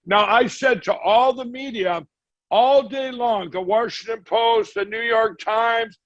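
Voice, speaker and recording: A man's voice: very high-pitched, a little slow, no room sound. A man, a guest, telling a long rambling story and acting out the quoted dialogue as he goes. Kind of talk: storytelling in a conversation. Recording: slightly dull audio.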